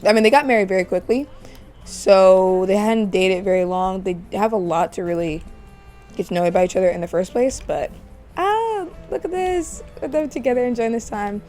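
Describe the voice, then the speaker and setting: A woman's voice: medium pitch, normal speed, a little mellow, soft background music. A woman chatting playfully through a life-sim game let's play, giggling often. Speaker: gaming channel host.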